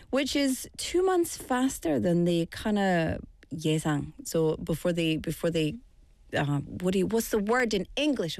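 A woman's voice: mid-range voice, a little mellow, dry recording. A woman hosting a show in casual, chatty talk, rambling with asides and filler words. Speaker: show host. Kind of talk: casual chat.

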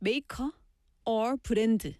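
A female radio host with a fairly high, darkish voice talks at a racing clip, chatting playfully and slipping Korean phrases in among her English. It's casual radio banter recorded on a studio microphone in a radio studio, with clean sound and no room echo.

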